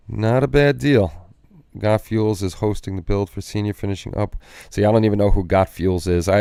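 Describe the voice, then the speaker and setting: A man's voice: sits low, warm tone, clean tone, dry recording, clean studio sound. A man hosting a livestream, chatting casually and reading viewer comments in a rambling, easygoing way with repeated phrases. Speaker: livestream host. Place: home hobby room.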